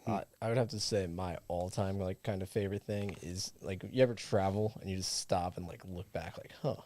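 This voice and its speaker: A young man, a podcast co-host, musing in a relaxed, drawn-out way in casual chat. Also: low-pitched.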